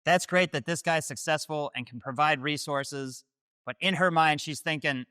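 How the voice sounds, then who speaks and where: Guy hosting a dating advice talk, bright voice, direct and matter of fact. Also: on the high side, moderate pace, smooth, dry recording, studio quality. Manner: direct, declarative. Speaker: host. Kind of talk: scripted dating-advice commentary.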